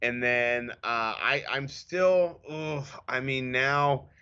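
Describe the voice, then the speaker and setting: A man in his thirties co-hosting a casual podcast, telling stories in an animated, self-mocking way. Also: medium pitch, slow, clear, resonant tone, muffled recording. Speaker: podcast co-host. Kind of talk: casual chat.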